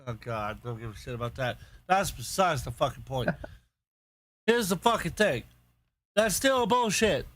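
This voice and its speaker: A man's voice: fairly high pitch, animated, measured pace, fairly bright tone. A man on a casual podcast, ranting angrily and swearing constantly, repeating himself as he gets worked up. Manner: angry, profane, repetitive ranting. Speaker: podcast host.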